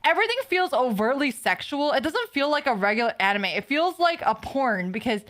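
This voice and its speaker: A woman's voice: high-pitched, sing-song, brisk, a bit bright. Blunt, profane woman ranting on a podcast. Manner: blunt and profane, with filler-heavy rants. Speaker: podcast co-host. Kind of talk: casual anime podcast chat.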